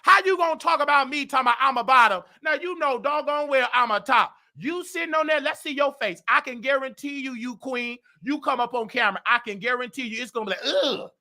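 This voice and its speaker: Loud gossip commentary comes from a host, a man with a high voice whose brash, rapid delivery is full of trash talk and frequent shouting.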